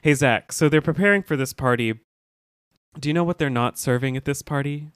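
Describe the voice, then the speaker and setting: A man co-hosting a podcast, chatting casually and animatedly, with a slightly high voice. He swears freely and drops into quick put-on voices when retelling scenes. The sound is dry and close. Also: a bit bright, smooth, no echo. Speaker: podcast co-host. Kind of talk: casual chat recapping an episode.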